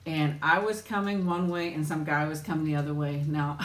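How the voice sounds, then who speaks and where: A woman's voice: low voice, level tone, moderate pace, a little hiss or hum. Chatty laughing woman streamer, roomy sound. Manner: chatty storyteller, laughs often while talking. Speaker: live-stream host chatting with viewers. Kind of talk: casual live chat while eating.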